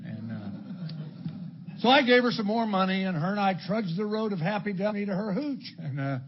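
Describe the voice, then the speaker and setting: Older man, from Illinois, recovery meeting share, blunt, dark humor, high-pitched voice, lo-fi recording, faint hiss. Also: big pitch swings, normal speed, husky. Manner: blunt storytelling with dark humor and crude slang. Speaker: AA speaker. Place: meeting hall before an audience. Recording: dull lo-fi talk recording with faint background noise.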